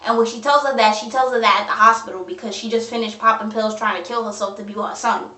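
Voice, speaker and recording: A young woman tears into a horror film, cursing freely in casual slang. Her voice sits a little high. She is recorded on a phone set back from her in an echoey room. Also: steady tone, fast talker, bright, forceful tone, far from the mic. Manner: profane, blunt, slangy. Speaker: movie reviewer. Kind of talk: ranting movie review.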